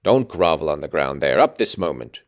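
A man reading aloud, voicing a cruel, scornful middle-aged father in a low, curbed, menacing tone. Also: big pitch swings, moderate pace, full character voice.

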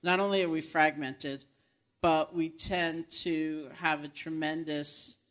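A man giving calm, reflective advice in conversation, unhurried and with fillers. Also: on the high side.

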